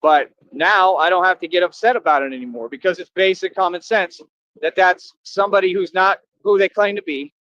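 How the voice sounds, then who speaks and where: High-voiced man ranting, dull dry sound. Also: brisk, a bit bright, dry recording. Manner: boastful, scolding, repetitive. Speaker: live streamer. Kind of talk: confrontational rant to viewers.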